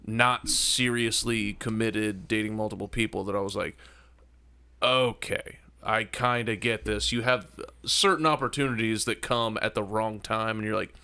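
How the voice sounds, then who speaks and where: A man's voice: fairly low pitch, steady tone, normal speed, bright, forceful tone, smooth. A man chatting on a casual podcast, throwing in wisecracks and reflecting on his past. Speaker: comedian guest. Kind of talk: casual chat.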